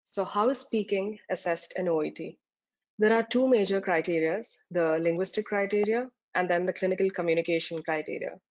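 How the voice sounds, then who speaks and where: A woman with a fairly low voice teaches from her slides, defining each term one by one and pausing on small fillers as she goes. The sound is dull and lo-fi, with the top end muffled. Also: a little mellow. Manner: explains terms step by step, with frequent fillers. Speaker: exam tutor. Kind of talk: slide-based lecture. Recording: dull lo-fi recording.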